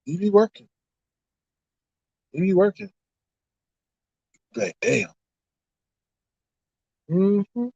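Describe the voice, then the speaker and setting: A male streamer talks loosely to his viewers, laughing often and slipping into preachy asides. His fairly high voice swoops up and down. The sound is dry and a little dull. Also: very animated, extremely slow, vocal fry, pauses often, mellow, no room sound. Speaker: online streamer. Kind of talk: casual livestream chat.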